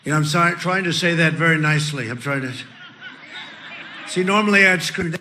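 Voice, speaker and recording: A man giving a political rally speech, introducing candidates in a boastful, repetitive, ad-libbing way, shouting his punchlines. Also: high-pitched, expressive, normal speed, long pauses, slight background noise.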